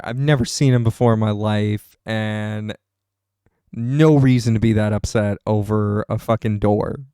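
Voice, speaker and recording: A man's voice: mid-range voice, warm tone, smooth, no room sound, studio quality. A young man streaming, rambling through a story with laughs and swearing. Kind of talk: casual chat, storytelling.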